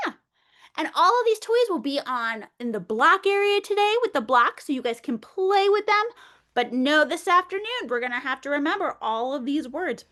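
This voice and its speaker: A middle-aged woman leading a teacher workshop, playful and animated, often slipping into a lively voice aimed at young children. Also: sits high, moderate pace. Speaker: early childhood educator leading a webinar.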